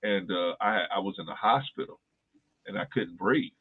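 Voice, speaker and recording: Husky-voiced man on a tinny line. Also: sits low, animated, moderate pace. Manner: earnest, repeats phrases for emphasis. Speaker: podcast host. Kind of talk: casual chat, personal storytelling.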